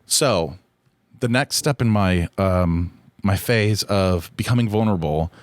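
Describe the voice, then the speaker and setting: A man with a fairly low voice rambles through a solo podcast episode, candid and liberally profane. He keeps poking fun at himself as he goes. His voice is recorded dry and close, with no room sound. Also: dry recording. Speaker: podcast host. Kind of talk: casual solo podcast chat.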